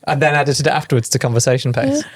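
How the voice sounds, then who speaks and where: Rich: A man with a mid-pitched voice talks fast on a running podcast. He chips in with dry teasing and warm encouragement for his co-hosts. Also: very animated. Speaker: podcast co-host. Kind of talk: casual podcast chat.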